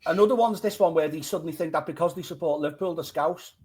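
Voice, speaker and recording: A man throwing in quick, teasing interjections in casual chat as a podcast panelist. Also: fairly high pitch, crowd noise.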